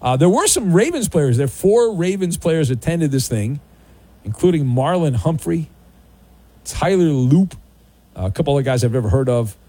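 A man hosting a sports radio show, his voice a touch higher than most and swinging up and down a lot as he talks. He teases callers and riffs on the news in a loose, animated way. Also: normal speed, breathy edge. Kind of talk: casual sports radio chat.

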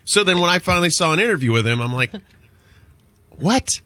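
Bright, indignant male radio co-host. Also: on the high side, lively intonation, racing. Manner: indignant, emphatic. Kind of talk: casual morning radio banter.

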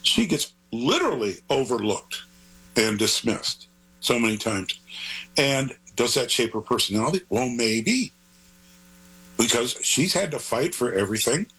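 A man's voice: mid-range voice, very animated, unhurried, a bit bright, slightly rough, rough recording. An older man, a grandfather, talking as an author guest in an interview, rambling and earnest in a digressive way. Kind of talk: conversational interview.

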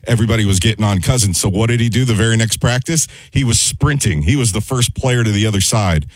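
Husky, lower-voiced male sports analyst. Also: fast talker, dry recording, rough recording. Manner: earnest, upbeat, analytical. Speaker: sports talk show regular, team fan. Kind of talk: casual sports radio analysis.

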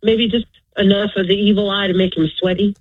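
A woman's voice: medium pitch, level tone, a little fast, slightly rough, no echo. A woman in her forties calling into a radio show, venting in an exaggerated, exasperated way over a muffled phone line. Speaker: caller. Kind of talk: call-in radio chat.

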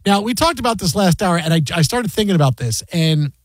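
A man's voice: high voice, brisk, no room sound. A man hosting casual sports talk radio, telling stories animatedly and acting out quotes. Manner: animated storyteller, acts out quotes loudly.

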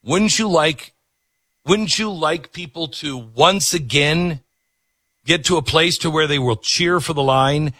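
A man's voice: fairly high pitch, slow pace, pushed and bright, no room sound, studio quality. A man hosting a talk show, ranting and sarcastic, then reading an ad in his own voice. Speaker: radio talk host. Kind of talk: opinionated talk show monologue.

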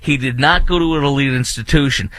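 A man's voice: mid-range voice, brisk, fairly bright tone. A man hosting an opinionated commentary monologue, indignant and repetitive, with many fillers and restarts. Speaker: political commentary host.

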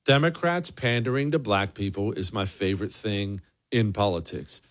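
A man's voice: lowish voice, moderate pace. A man hosting a political commentary show, talking in an emphatic, mocking monologue. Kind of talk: opinionated monologue.

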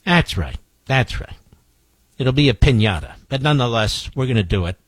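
A man's voice: mid-range voice, animated, normal speed, no echo. Combative male talk radio host. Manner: combative, emphatic, rhetorical questions. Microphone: studio microphone.

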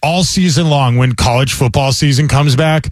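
A man hosting a radio show, telling stories and reading news with casual, animated banter. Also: mid-range voice, moderate pace, no room sound, clean studio sound.

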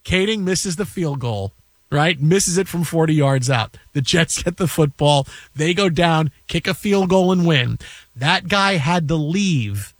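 A man hosting a sports radio show, telling animated stories and acting out voices. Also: fairly high pitch, measured pace, dry recording. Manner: excitable, acts out voices in anecdotes. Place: radio studio. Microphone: studio microphone.

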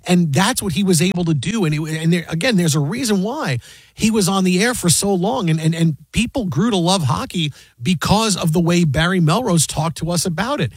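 A man in his thirties co-hosting a sports talk show, telling stories in a relaxed chat and acting out quotes in a higher voice. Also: fairly quick, slightly rough, no room sound. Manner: storytelling, acts out quotes in a higher voice. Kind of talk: casual radio chat.

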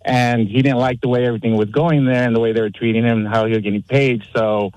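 A man's voice: mid-range voice, fairly even intonation, fast, a little mellow, no room sound, poor audio. Easygoing man telling a story. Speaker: radio caller. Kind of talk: phone-in storytelling.

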